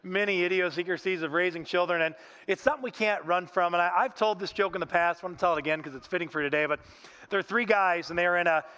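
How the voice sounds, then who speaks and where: A man's voice: sits high, fairly even intonation, quick pace, pushed and bright, clear, resonant tone. A man preaching a sermon in a church, telling stories in a folksy way and often saying "man". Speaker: pastor. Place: church sanctuary.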